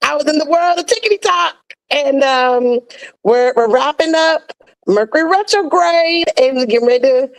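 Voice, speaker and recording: A woman speaking as a podcast guest in casual, reflective chat, telling stories in an expressive, colloquial way over a video call. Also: high-pitched, normal speed, no echo, low-quality recording.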